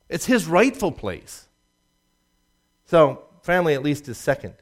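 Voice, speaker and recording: During his sermon, the pastor swings from booming, emphatic rises down to low asides, chuckling at his own jokes along the way.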